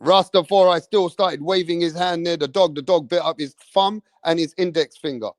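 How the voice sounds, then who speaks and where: A man, hosting a live stream, telling rambling stories in an animated way, swearing often and tagging lines with "bruv". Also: on the high side, moderate pace, dry recording, studio quality. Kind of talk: rambling storytelling.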